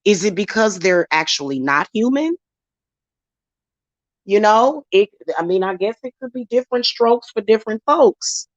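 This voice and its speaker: A woman's voice: medium pitch, expressive, moderate pace, dry recording, dull audio. A woman, talking bluntly and emphatically as host of her own spiritual channel. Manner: blunt, emphatic, slips into acted quotes. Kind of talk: casual chat to camera.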